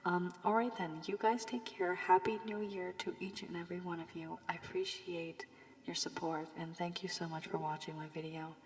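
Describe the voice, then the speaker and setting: A woman giving a tarot reading with advice, her voice worn from illness, speaking softly and often half-whispering. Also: fairly low pitch, flat delivery, moderate pace. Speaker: tarot reader. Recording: long room reverb, faint background hiss.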